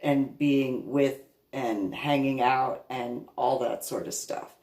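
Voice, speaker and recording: A woman reverend talks through a personal story in a casual monologue. She is animated and stacks up repeated words for emphasis. Her voice carries a roomy echo from the space around her. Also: a bass voice, takes it slowly.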